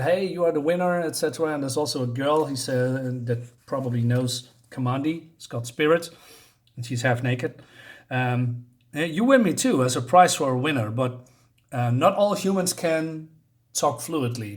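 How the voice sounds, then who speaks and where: A man casually reviewing a comic book, paging through it while pausing often to search for words. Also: mid-range voice. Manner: halting, searches for words, many fillers.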